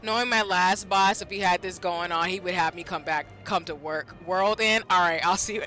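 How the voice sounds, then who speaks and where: A woman's voice: on the low side, normal speed, hardly any pauses, fairly bright tone, rough recording. A woman streamer reacting emotionally to a game, exclaiming and swearing casually. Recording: streamer mic with game music behind.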